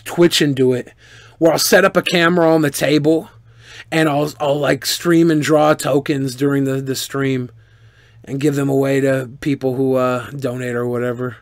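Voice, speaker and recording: Animated, profane man telling stories. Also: mid-range voice, normal speed, no room sound, clean studio sound. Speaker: streamer answering viewer questions. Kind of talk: casual storytelling.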